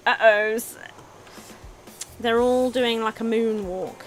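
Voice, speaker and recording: A woman streams a game and chats along with it, her voice sitting a little high. She gives casual, giggly commentary and keeps asking her viewers what they think. Faint background music plays underneath. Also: fairly even intonation, very slow, long pauses.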